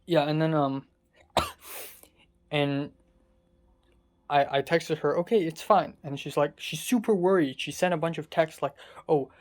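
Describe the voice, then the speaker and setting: A young adult vlogger, pouring out an exasperated, sarcastic rant full of swearing. The voice sits at an ordinary middle pitch and sounds distressed and worn down. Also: unhurried, long pauses. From Hong Kong. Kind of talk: casual confessional vlog rant.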